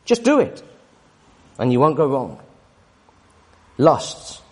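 A man's voice: mid-range voice, very animated, slow pace, darkish tone, husky. A man in his forties teaching a Bible study in sermon style, emphatic and often tossing tag questions at his listeners. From United Kingdom. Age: 40s. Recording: long reverb of a hall.

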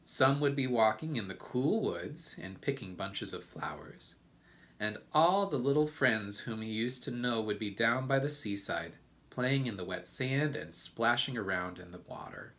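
Slow, expressive man reading a storybook. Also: mid-range voice. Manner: gentle, deliberate, expressive. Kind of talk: storybook read-aloud.

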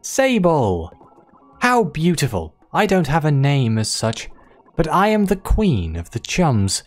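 A game player voicing a gentle, motherly giant female creature queen from a video game, reading her lines with a cooing, doting manner. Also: medium pitch, huge pitch swings, takes it slowly, faint music behind. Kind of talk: reading game dialogue aloud.

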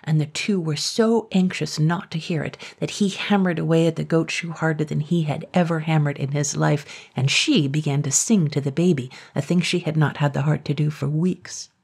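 A woman narrating a classic children's story in a measured way, dropping to a whisper in tense moments. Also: low-pitched, warm tone, slightly rough.

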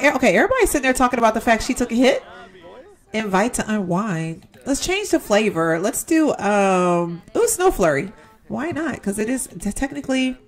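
A young woman giving casual, chatty commentary as she plays a life-simulation game, talking straight to her viewers and exclaiming at what happens. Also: on the high side. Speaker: gaming YouTuber. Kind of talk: casual let's-play commentary.

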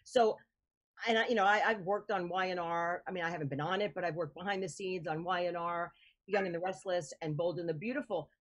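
A woman's voice: fairly low pitch, fairly even intonation, fairly quick. A woman hosting a podcast interview, chatty and enthusiastic, who laughs easily. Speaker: podcast host. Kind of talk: casual interview chat.

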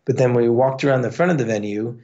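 A man's voice: medium pitch, fast talker, mellow, muffled recording. A man telling a long, profane anecdote in a casual podcast chat, with many fillers. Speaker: podcast guest. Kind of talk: casual storytelling.

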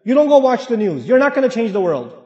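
A man's voice: extremely high pitch, very animated, fast, warm tone, highs cut off. A man giving an emphatic sermon to a congregation, acting out family scenes as he talks. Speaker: Islamic speaker. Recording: echoey hall, long reverb.

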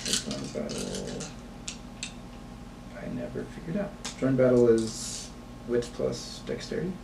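A man's voice: lowish voice, huge pitch swings, vocal fry. Man running a tabletop game. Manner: halting, many fillers. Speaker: game master. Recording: echoey room, far mic, noisy.

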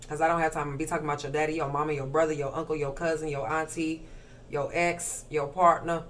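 A woman's voice: low-pitched, level tone, fast, fairly bright tone, a little hiss or hum. A woman giving a casual tarot reading to camera, brash, profane and slangy, rattling off rhythmic lists and smoking while she talks. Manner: smoking and crunching ice while talking. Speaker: tarot reader.

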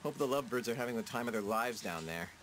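A man's voice: mid-range voice, animated, fast talker, a crowd in the background, close to an everyday voice, rough recording. An actor playing a nerdy young man in a video game, talking in a dry, sardonic way. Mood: wry.

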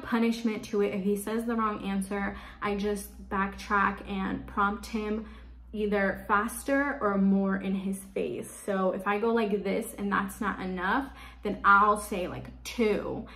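A woman's voice: medium pitch, fairly even intonation, measured pace, a bit bright. A woman giving parenting tips to the camera in casual, chatty speech, often filling with "like". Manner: chatty, leans on "like" as a filler. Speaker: parenting vlogger. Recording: echoey room.

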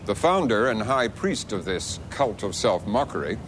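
A man narrating a documentary in a measured, expressive scripted delivery. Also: lowish voice, background noise.

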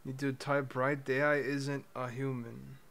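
A male streamer chatting offhand with an AI bot, mumbling and halting, with a teasing tone. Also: medium pitch, little pitch movement, gravelly, fairly bright tone. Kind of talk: casual live-stream chat with an AI bot. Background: faint keyboard typing.

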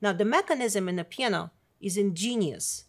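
A middle-aged woman, a piano professor, explaining practice strategies in a clear, demonstrative teaching manner. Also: medium pitch, expressive, normal speed. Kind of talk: instructional video lesson. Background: piano playing.

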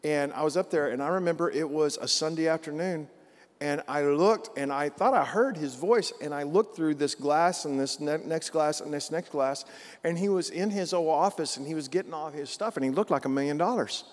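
A male pastor telling a story in a sermon, animated and repeating phrases for emphasis. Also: a little high, normal speed. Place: church sanctuary. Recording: long church hall reverb.

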